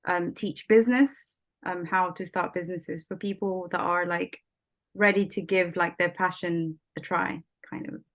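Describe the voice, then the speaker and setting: Hesitant, soft-spoken woman guest. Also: fairly low pitch, steady tone, moderate pace. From lives in London. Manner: hesitant, many ums and restarts, laughing softly. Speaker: guest, English teacher. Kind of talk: casual interview chat.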